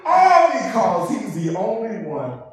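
A man preaching a call-and-response sermon, swelling from soft passages to shouts and stretching out key words. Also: high voice, huge pitch swings, measured pace, very noisy. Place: church sanctuary. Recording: echoey hall, preacher far from the mic.

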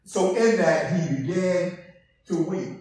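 A man preaching a call-and-response sermon, swelling from soft passages to shouts and stretching out key words. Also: sits high, slow. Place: church sanctuary. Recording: echoey hall, preacher far from the mic.

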